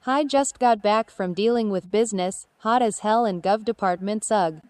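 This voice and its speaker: A woman's synthetic voice reading viewers' chat messages aloud in a flat, even way. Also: medium pitch, moderate pace, no room sound. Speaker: text-to-speech chat reader.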